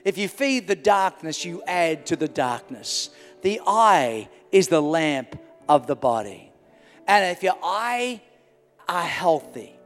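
A middle-aged male pastor preaching a sermon in a large church hall, swinging from loud to hushed. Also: high voice. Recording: reverberant church hall with music.

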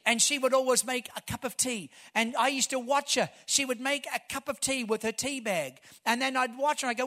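High bright-voiced preacher. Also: male voice, moderate pace. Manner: storytelling, building to shouted emphasis. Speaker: pastor. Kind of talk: sermon.

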